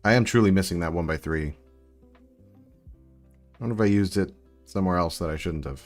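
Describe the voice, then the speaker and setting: Low-voiced male streamer, chatty and rambling, talking to chat over soft music. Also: brisk. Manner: chatty, rambling, answers chat while building. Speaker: livestream host building sets. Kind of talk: casual live-stream chat.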